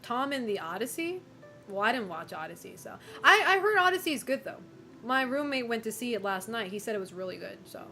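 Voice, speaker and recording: A woman's voice: a little high, sing-song, brisk, bright, forceful tone, soft background music. A woman streamer chatting casually with viewers, opinionated, swearing and laughing often.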